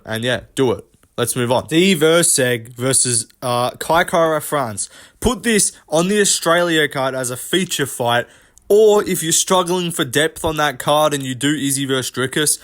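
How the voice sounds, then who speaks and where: A man's voice: medium pitch, fairly bright tone. Brash, profane young man ranting about fights. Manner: profane, rapid, brash slang-heavy ranting. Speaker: host. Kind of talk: MMA commentary rant.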